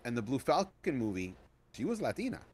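A man's voice: mid-range voice, very animated, fairly quick, darkish tone, slightly rough. Rambling man reviewing a movie. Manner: rambling, many restarts and fillers. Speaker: podcast co-host. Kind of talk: casual movie review chat.

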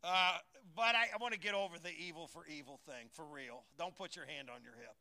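A man's voice: fairly high pitch, a little fast, sharp tone. An older man preaching a sermon as a pastor, folksy and joking, calling out to his congregation in a church. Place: church sanctuary.

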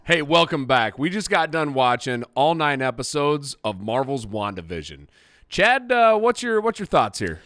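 Lively laid-back male podcast host. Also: a little high, normal speed, dry recording, clean studio sound. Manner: laughing, teasing, loose. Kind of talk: casual chat.

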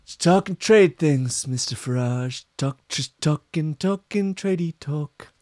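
A man's voice: a little high, measured pace, darkish tone, no room sound, studio quality, voice pushed up, close to an everyday voice. A man putting on a comedic impression of a boastful older male politician who repeats himself over and over. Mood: blustering. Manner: repeats words over and over, swaggering and exaggerated.

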